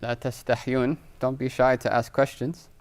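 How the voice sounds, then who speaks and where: A man teaching a grammar lesson, talking at a medium pitch in a smooth, clear voice. He explains patiently, reads out Arabic phrases and keeps checking in with "right?". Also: little pitch movement, fast talker. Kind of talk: live online class lecture with Q&A.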